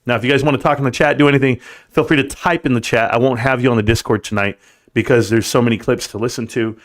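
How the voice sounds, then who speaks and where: A man hosting a casual live stream at a quick clip, hyped up and a little boastful. He talks straight to his chat viewers from his computer, and his pitch sits right in the middle for a man. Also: fairly even intonation.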